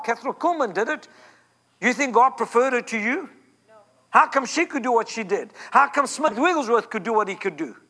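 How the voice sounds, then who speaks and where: High bright fervent preacher. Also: male voice. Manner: fervent, repeats lines for emphasis. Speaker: guest preacher. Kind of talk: Pentecostal sermon.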